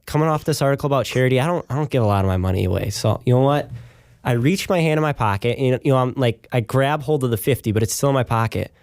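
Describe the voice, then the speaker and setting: A man's voice: medium pitch, fast talker, a little mellow. A young man, a podcast guest, telling a joking story in casual chat. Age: young adult.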